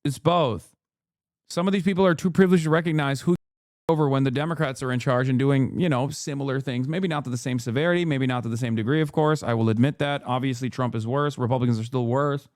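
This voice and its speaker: A man's voice: medium pitch, quick pace, a little mellow, no room sound, studio quality. A man in his thirties hosting a live-stream reaction, ranting sarcastically and reading chat messages aloud. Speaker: streamer host.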